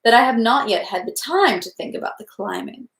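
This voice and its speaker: A woman reading the lines of a flattering Italian gentleman with a falsely sweet manner. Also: fairly high pitch, brisk, vocal fry, reverberant. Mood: sugary. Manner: sugary and flattering.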